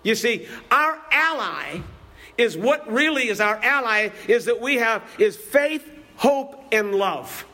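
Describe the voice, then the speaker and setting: A man's voice: very high-pitched, animated, slow, sharp tone. A man preaching a sermon in a church, impassioned and repetitive, building to raised, emphatic lines.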